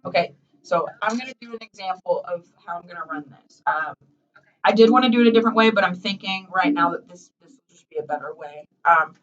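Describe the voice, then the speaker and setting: A woman's voice: on the low side, animated, quick pace, a bit bright, far from the mic. A woman leads a singing lesson, chatty and encouraging, sometimes singing short examples. Her voice comes from a camera set well across the room and sounds dull and muffled. A piano plays now and then in the background. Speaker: voice teacher.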